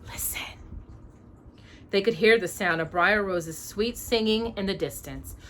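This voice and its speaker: A woman reading a storybook aloud to her child in an expressive way, pausing to ask her questions. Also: medium pitch, slight background noise.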